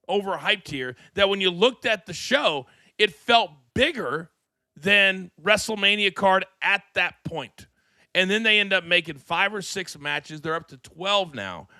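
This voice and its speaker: A male host with a very bright, sharp-edged voice that sits a little high. He talks fast and with energy, like he is cutting a promo. The studio sound is dry and close. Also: no echo. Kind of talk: live wrestling talk show.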